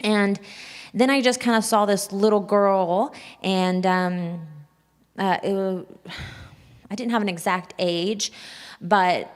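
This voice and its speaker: A woman's voice: medium pitch, fairly even intonation, slow, long pauses, clear, resonant tone. A woman sharing a personal testimony with an audience, talking openly and confessionally, sounding shaky and nervous. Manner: open, confessional, breaks into nervous laughs. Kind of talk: candid personal talk to an audience. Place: large hall at a church event. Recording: long hall reverb.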